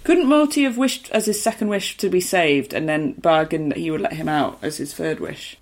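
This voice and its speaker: Gravelly-voiced woman chatting. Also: sits low, animated, moderate pace, darkish tone. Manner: short reactive comments. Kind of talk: casual chat.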